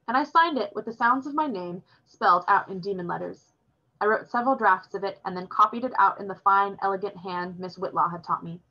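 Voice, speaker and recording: A woman reading a novel chapter aloud in a steady, plain storytelling voice. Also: medium pitch, brisk, dull audio. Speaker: reader.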